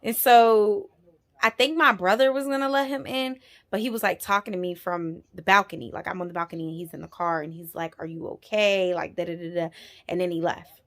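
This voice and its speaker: A woman in her twenties telling a personal story on her vlog, animated and emphatic, with frequent swearing. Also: on the low side, fairly quick. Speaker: vlogger.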